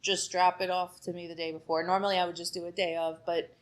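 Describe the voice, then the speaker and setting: Speaking fast in a lowish voice with little pitch movement, this woman is a hairstylist guesting on a podcast. She is chatty, tells a story in which she acts out the dialogue, and uses "like" frequently.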